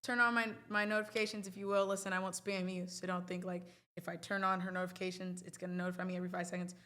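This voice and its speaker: A woman's voice: fairly low pitch, level tone, racing, bright, forceful tone. A woman hosting a livestream, talking casually to her viewers in a rambling, playful, chatty way. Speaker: livestream host.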